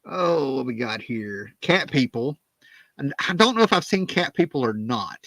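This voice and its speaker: Eager, chatty man with a forceful voice. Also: medium pitch, big pitch swings, moderate pace, no echo. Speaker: co-host of a movie talk stream. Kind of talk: casual chat. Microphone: streaming call mic.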